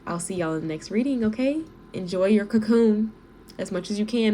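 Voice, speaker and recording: A woman's voice: mid-range voice, lively intonation, brisk, warm tone, a little hiss or hum. A woman in her twenties giving a casual tarot reading, chatty and playful, talking straight to her viewers. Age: 20s. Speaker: tarot reader.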